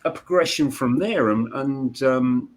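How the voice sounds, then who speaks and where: A man's voice: mid-range voice, unhurried. Blunt, informal man. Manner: blunt and informal, with fillers and restarts. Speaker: co-host of a paranormal live stream. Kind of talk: casual chat.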